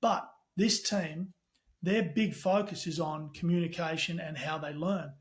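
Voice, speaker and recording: Australian man, middle-aged, high voice, lively storyteller guest on a podcast. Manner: animated storyteller, talks fast with casual swearing. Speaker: podcast guest, tech company CEO. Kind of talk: casual podcast chat.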